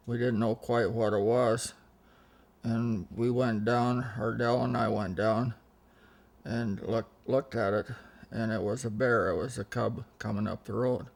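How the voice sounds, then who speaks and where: Unhurried and creaky, with fairly even intonation at a medium pitch, an older man recounts rambling family tales in a casual interview. He restarts his sentences often and relays what others said.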